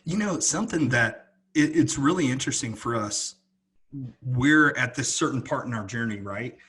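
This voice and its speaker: A man co-hosting a podcast in a relaxed, earnest chat, circling back and restarting his sentences often. His voice sits at an ordinary pitch with a husky, slightly breathy grain. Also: normal speed. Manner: earnest, rambling with many restarts. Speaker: podcast co-host. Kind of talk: casual chat.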